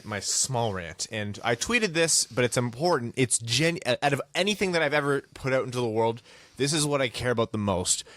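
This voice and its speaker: A man co-hosting a casual hockey podcast, ranting with animated, self-mocking humor. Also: mid-range voice, no room sound. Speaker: podcast co-host.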